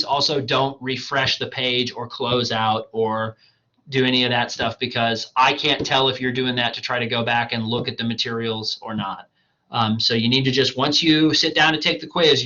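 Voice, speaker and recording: Bright-voiced male writing instructor, hoarse. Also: medium pitch, muffled recording. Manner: casual, addresses students as "you guys", fillers "um", "right?". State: losing his voice. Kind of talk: recorded online lecture.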